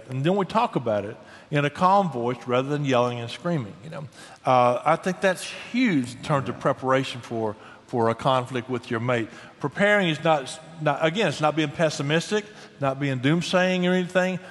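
A man's voice: a little high, fairly bright tone. A middle-aged man talking about marriage in an earnest, folksy way, often restarting his words. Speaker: guest speaker on marriage. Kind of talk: casual Christian talk show conversation. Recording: long hall reverb.

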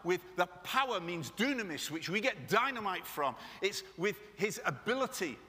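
A man's voice: high voice, sing-song, normal speed, bright, forceful tone. A man preaching a sermon to a congregation, passionate and conversational, with joking asides to the room. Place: church meeting room. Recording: echoey hall.

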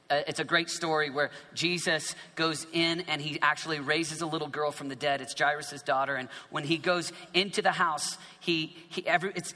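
A man's voice: a little high, pushed and bright. A man preaching a sermon, reading scripture dramatically with playful asides and sudden drops to a whisper. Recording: echoey hall reverb.

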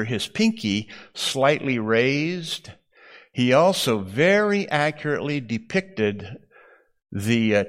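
A man teaching a Bible class, explaining slides in an unhurried way with frequent fillers. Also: mid-range voice.

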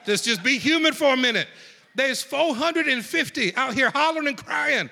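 A man preaching a sermon in a folksy, animated way, swinging from hushed lines to shouts. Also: extremely high pitch, normal speed, gravelly, in a large hall. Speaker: pastor.

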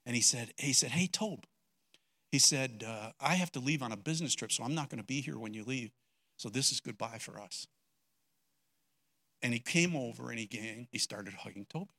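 An older man preaching a sermon, telling a personal story with strong emotion, dropping to a hush and then rising loud. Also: medium pitch, normal speed. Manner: emotional storytelling, swinging between hushed and loud. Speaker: pastor.

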